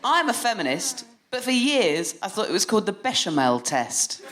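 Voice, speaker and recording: A woman's voice: mid-range voice, moderate pace, very noisy. A woman co-hosting a live comedy podcast on stage, telling playful comic stories. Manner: animated, playful comic storyteller. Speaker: guest co-host. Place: stage before a live audience.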